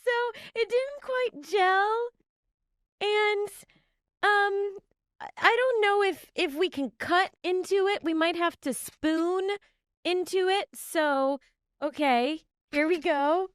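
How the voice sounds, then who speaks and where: A woman's voice: very high-pitched, slow pace, no echo, studio quality. A woman co-hosting a podcast, chatting casually and giggling at herself as she describes her baking. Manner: animated, giggly, self-deprecating. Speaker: podcast co-host, baker. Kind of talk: casual chat.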